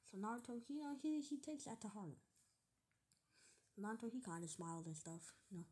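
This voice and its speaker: A woman's voice: medium pitch, lively intonation, a little fast, a little mellow, husky. A woman casually retelling a fan story, rambling with lots of fillers and joking asides.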